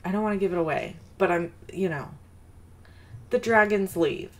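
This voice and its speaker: A woman's voice: mid-range voice, moderate pace. A woman hosting a card-making video, chatting casually and rambling into a personal story with self-deprecating asides. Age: adult mother of a daughter.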